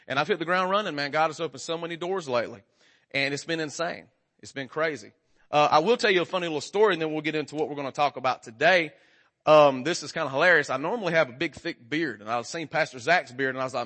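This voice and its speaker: A man's voice: fairly high pitch, fairly quick, pushed and bright. A man, preaching a casual sermon as a guest and joking with the congregation. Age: 40s. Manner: folksy, joking, talks straight to the congregation.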